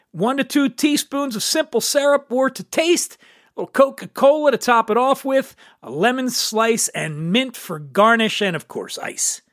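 A man's voice: high-pitched, a bit bright, dry recording, clean studio sound. A man hosting a scripted comic cocktail tutorial, irreverent and wisecracking. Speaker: host.

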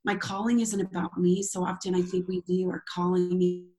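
A woman's voice: on the low side, level tone, moderate pace, warm tone. A woman who is a worship leader and former youth pastor, telling her personal testimony in an interview in a candid, self-deprecating way with frequent laughs.

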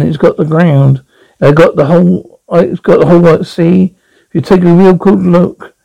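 Middle-aged Glasgow man, raised pitch, rough gravelly voice, rambling comic bluster. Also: mellow, poor audio. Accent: Glasgow Scottish. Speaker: comic character monologue. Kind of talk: scripted comedy performance.

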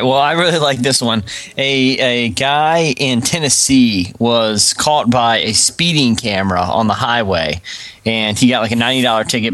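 A man's voice: medium pitch, fairly bright tone, no echo. Laughing man retelling odd news. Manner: chuckles often while retelling odd news. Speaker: podcast co-host reading news stories. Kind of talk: casual podcast chat.

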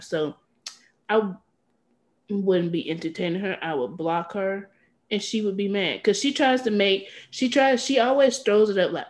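Woman, podcast co-host, casual chat, animated, playfully petty, mid-range voice. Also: medium pitch, measured pace. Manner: animated, acts out quoted lines with playful pettiness.

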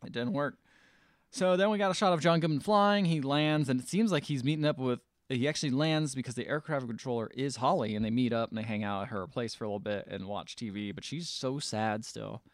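A man's voice: mid-range voice, fairly quick, no room sound, clean studio sound. A man on a podcast casually recapping a movie plot, rambling, joking and correcting himself as he goes. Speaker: podcast co-host.

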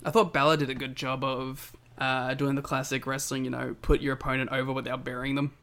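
A man's voice: medium pitch, little pitch movement, brisk, creaky, a bit bright, clean tone. A young Australian man with an Australian accent, co-hosting a podcast in casual, wry, laughing chat. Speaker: podcast co-host.

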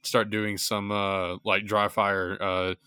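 A man's voice: fairly low pitch, level tone, takes it slowly, bright, forceful tone, clean tone, no echo, studio quality. A man hosting a podcast, easygoing and affirming, asking questions hesitantly with many fillers. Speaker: podcast host. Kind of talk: casual interview chat.

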